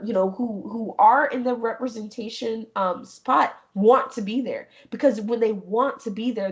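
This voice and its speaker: A young woman chatting as an interview guest. She talks in an animated, expressive way, laughing easily and slipping into little quoted voices. Her pitch sits in the middle. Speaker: guest, gaming streamer. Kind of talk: casual interview chat.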